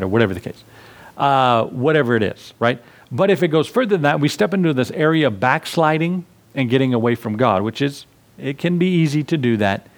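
A man's voice: medium pitch, lively intonation, brisk. A man preaching a sermon to his congregation in a conversational way, acting out little scenes with asides. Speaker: pastor.

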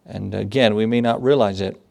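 A man's voice: lowish voice, fairly even intonation, brisk, gravelly, a little mellow. A man, a pastor, giving a conversational sermon with laughs and acted asides. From United States.

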